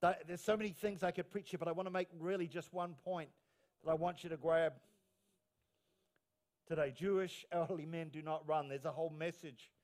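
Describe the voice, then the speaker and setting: Emphatic New Zealand pastor, high voice. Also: male voice, fairly even intonation, brisk, a little mellow. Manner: emotional, emphatic, repeats phrases. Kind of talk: sermon.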